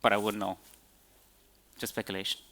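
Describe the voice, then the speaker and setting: A man's voice: on the low side, level tone, moderate pace, bright, forceful tone. A man answering audience questions after his conference talk, hesitant with many fillers and restarts. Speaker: conference speaker.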